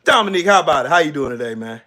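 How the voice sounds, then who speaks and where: A man's voice: fairly high pitch, expressive, rapid-fire, bright, forceful tone. A man hosting a casual cooking livestream, mock-dramatic and wailing, repeating himself and cursing freely.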